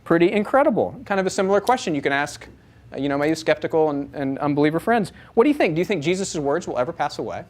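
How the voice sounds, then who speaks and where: A man teaching a live audience, animated, asking them many rhetorical questions. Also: a little high, quick pace. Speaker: Bible teacher.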